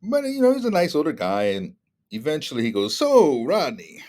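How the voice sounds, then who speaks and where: A man's voice: on the high side, brisk. A middle-aged man telling stories in a casual conversation, acting out the other people's lines in changing voices. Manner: animated, acts out dialogue with shifting voices. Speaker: guest speaker.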